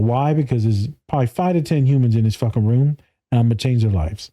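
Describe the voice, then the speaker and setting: A therapist in his thirties chats on a podcast at a quick pace in a mellow, medium-pitched voice. He's blunt and profane, laughs often, and imitates voices when quoting others.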